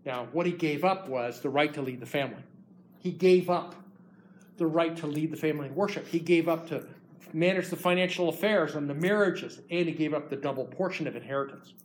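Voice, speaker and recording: A preacher retelling a biblical story in his sermon, lively and animated. His voice sits a little high and carries the drama of the scene. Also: fairly quick, slight background noise.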